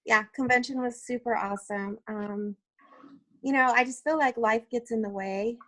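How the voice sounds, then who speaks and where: A woman's voice: a little high, fairly even intonation, moderate pace, a bit bright. A woman sharing takeaways in a casual group chat, self-conscious but chatty.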